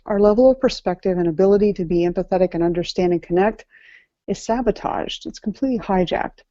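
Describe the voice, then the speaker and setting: A woman's voice: mid-range voice, dark tone, dry recording. A woman life coach giving an earnest motivational talk from slides, repeating key phrases for emphasis, in a slightly muffled recording. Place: event venue before an audience.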